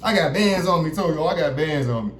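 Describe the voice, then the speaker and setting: Man, casual storyteller, rapid delivery, slightly high voice, profane, acts out quotes. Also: animated, a little hiss or hum. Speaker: vlogger telling a personal story. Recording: roomy echo.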